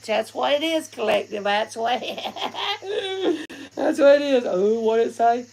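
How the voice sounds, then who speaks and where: A woman's voice: sits high, expressive, unhurried, gravelly, a little mellow, low-quality recording. A woman giving a casual livestream tarot reading, rambling, blunt and often laughing. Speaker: tarot reader.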